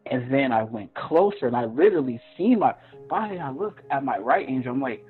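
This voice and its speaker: Slightly fast and with lively intonation, this mid-range male voice recounts a personal story on a podcast where he's a guest. He speaks earnestly and plays out his earlier reactions in a raised voice, heard over tinny phone audio with faint music.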